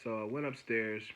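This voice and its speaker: Male vlogger, casual storytelling, bright and forceful tone, rambling and animated, heavy fillers. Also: on the low side, slight background noise. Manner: rambling, heavy fillers, frequent "you know what I'm saying"; animated and exasperated retelling.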